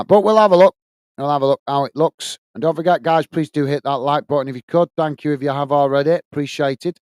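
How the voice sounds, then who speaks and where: A man's voice: a little high, clear, resonant tone, dry recording, studio quality. Chatty man hosting a football stream. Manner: chatty, addresses viewers as guys and mate. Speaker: host of a football watch-along stream. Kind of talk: live stream chat, reading viewer comments aloud.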